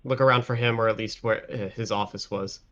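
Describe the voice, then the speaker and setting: A man's voice: on the low side, steady tone, fairly quick, fairly bright tone. A man playing in a tabletop game, talking casually and hesitantly, searching for words. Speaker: player. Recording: dull lo-fi sound, far from the mic.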